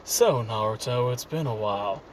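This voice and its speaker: A man voicing a cold, calm young male rogue ninja in a low, quiet, measured tone, in a casual fan retelling. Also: a little hiss or hum, lightly acted.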